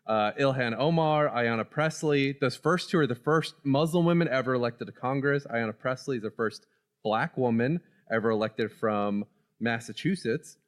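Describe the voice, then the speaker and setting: A man's voice: mid-range voice, moderate pace. A man co-hosting a casual political podcast, talking animatedly and laughing often. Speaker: podcast co-host.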